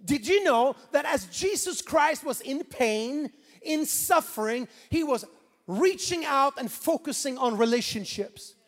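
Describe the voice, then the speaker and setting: Male pastor, swedish accent, very high voice, sermon in a reverberant hall, animated delivery. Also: measured pace. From Sweden. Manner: animated, swings from quiet asides to loud preaching.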